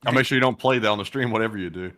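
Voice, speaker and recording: A man's voice: lowish voice, racing, pushed and bright. A man co-hosting a casual livestream, easygoing as he reads out donations. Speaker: co-host.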